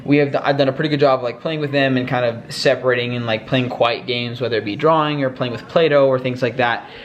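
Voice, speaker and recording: A man's voice: mid-range voice, steady tone, quick pace, lo-fi sound. A young man, a father of three, talking casually to camera at home in a rambling, worried way with many fillers. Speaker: vlogger dad. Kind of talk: casual home vlog chat. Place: family home, indoors.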